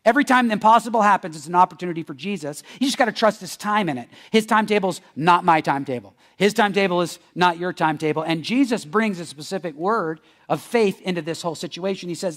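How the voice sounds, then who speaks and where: A male pastor preaching a sermon in a conversational, joking style, swinging between loud bursts and hushed near-whispers. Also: sits high, fast talker, few pauses. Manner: joking asides. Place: church.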